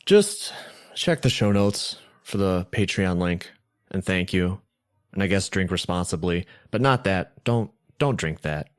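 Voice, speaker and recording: A male podcast host talking through a game in a casual, wry manner, with self-deprecating asides. His voice is a bit low but lively in pitch, recorded in a dry, close setting. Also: measured pace, dry recording. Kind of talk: casual commentary.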